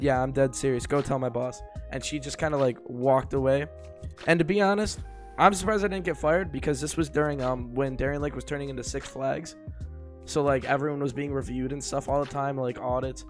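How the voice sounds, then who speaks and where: A young man co-hosting a podcast, telling a story in a rambling, casual way with lots of filler words and laughter. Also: a little high. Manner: rambling, full of likes and laughs. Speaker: podcast co-host.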